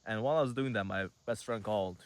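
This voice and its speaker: An 18-year-old male vlogger rambles through a casual story, leaning on fillers and dropping swear words as though catching up with a friend. His voice is on the lower side for a man, and he speaks quickly.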